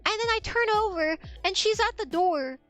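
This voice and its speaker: Very high-voiced woman telling stories. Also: normal speed, soft background music. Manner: animated, profane, laughing storyteller. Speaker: streamer. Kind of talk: casual storytelling on a livestream.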